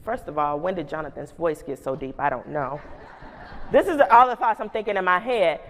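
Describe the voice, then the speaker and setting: A woman principal giving a humorous storytelling keynote, animated and full of call-and-response asides to the audience. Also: fairly low pitch, a little fast. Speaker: keynote speaker and school principal. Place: large conference hall. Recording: long reverb of a conference hall.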